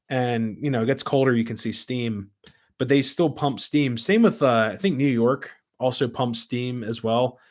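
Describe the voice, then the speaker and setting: Chatty American man hosting a rambling live stream. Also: medium pitch. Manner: rambling, chatty, reads and answers viewer comments. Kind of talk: casual live-stream chat. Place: home room with model trains. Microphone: camera mic at his desk.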